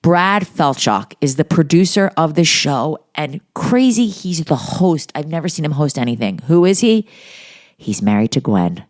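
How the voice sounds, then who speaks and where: A middle-aged woman with a low voice speaks at normal speed while co-hosting a podcast. In easygoing chat she tells animated stories that are both gossipy and profane.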